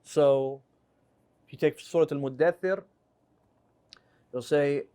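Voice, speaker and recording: A man teaching an Arabic class, explaining and joking with his students in a relaxed way. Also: on the high side, takes it slowly, clear, resonant tone. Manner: relaxed, joking, explains by reading examples aloud.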